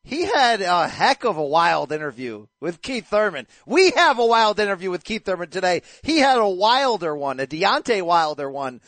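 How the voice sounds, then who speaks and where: A man with a fairly high, bouncy voice that swings widely up and down hosts a casual boxing podcast. He talks with energetic, playful banter into a close, dry mic. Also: normal speed, hardly any pauses, no room sound. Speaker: podcast host.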